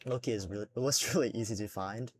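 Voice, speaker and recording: A man's voice: fairly low pitch, fast, a little hiss or hum. A young man chatting casually while he draws, rambling with lots of fillers and swearing, a little self-conscious. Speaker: drawing vlogger. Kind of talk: casual unscripted talk while drawing.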